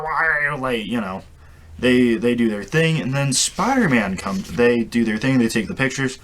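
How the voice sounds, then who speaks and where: A man with a lowish voice talks through a comic book story in a loose, casual way. He rambles, restarts his sentences and leans on fillers, and a faint hiss sits under the recording. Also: fairly bright tone. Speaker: comic reviewer.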